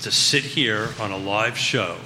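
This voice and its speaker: A man's voice: lowish voice, a little slow, noisy background. A man in his sixties, a talk show guest, who often interjects and asks questions. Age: 60s. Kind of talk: casual talk show chat. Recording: room with long reverb.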